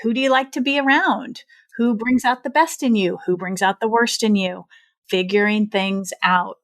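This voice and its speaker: A middle-aged woman hosting a podcast, reflecting and asking questions at a slow pace. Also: mid-range voice. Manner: reflective, asks questions slowly. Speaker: podcast host. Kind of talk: podcast interview.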